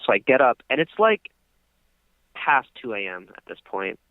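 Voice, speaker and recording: A man's voice: medium pitch, very animated, normal speed, no echo. Young man, casual podcast chat, rambling with lots of fillers, tinny phone-line sound, dry. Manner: rambling storytelling, many fillers and restarts. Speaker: podcast co-host.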